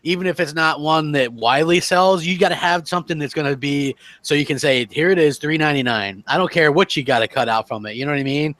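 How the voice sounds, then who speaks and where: A man co-hosting a casual gaming call-in show, chatty and quick to laugh. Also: a little high, fairly bright tone, no echo. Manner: chatty, laughs often, lots of filler phrases. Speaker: podcast co-host.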